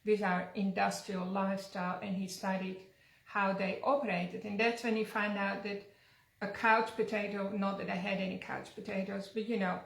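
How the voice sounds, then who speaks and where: A woman's voice: mid-range voice, gravelly. A woman hosting a casual health chat, talking loosely with fillers. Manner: chatty, uses fillers like "like" and "um". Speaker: wellness centre host. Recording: echoey room.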